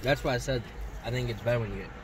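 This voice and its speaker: Fast-talking man prompting a food review. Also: mid-range voice, noisy background. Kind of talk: casual chat.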